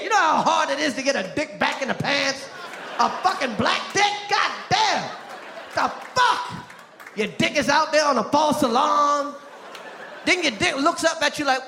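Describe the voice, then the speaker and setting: A man performing a profane stand-up comedy set in front of a live audience, with a loud, punchy delivery. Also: very high voice, lively intonation, moderate pace, gravelly. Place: large theater stage with live audience. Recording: echoey live venue, crowd noise.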